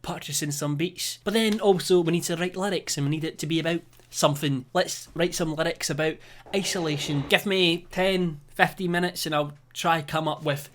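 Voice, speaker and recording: A man's voice: fairly high pitch, fairly even intonation, moderate pace, fairly bright tone. A young Scottish man narrating a comedic vlog in a joking, self-deprecating way, laughing often. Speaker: YouTuber.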